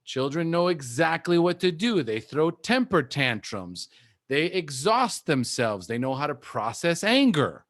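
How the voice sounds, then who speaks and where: A man coaching a recovery group, talking gently and softly demonstrating soothing self-talk. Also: fairly high pitch, sing-song, measured pace.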